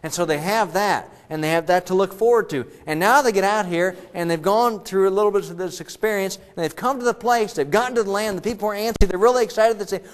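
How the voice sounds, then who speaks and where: A man's voice: high-pitched, fast talker, hardly any pauses. A man preaching a sermon as a pastor, conversational and joking as he retells the story.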